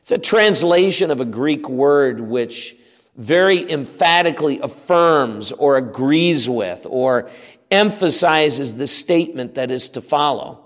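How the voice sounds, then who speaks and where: A man's voice: mid-range voice, expressive, unhurried, in a large hall. A man preaching an expository sermon, emphatic and repeating his key words for weight.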